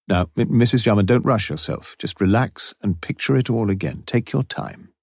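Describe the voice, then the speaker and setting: A man voicing a shrewd, wry male police inspector in an audiobook, coaxing and quietly commanding. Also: lowish voice, expressive, normal speed, vocal fry, breathy edge, no room sound, clean studio sound, exaggerated voice. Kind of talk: audiobook character voice.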